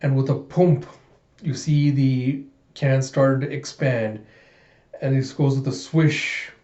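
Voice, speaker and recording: A man's voice: mid-range voice, flat delivery, slow, dark tone. A man reading a comic aloud in a casual, chatty way, often laughing. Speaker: comic reader. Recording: echoey room, dull lo-fi sound.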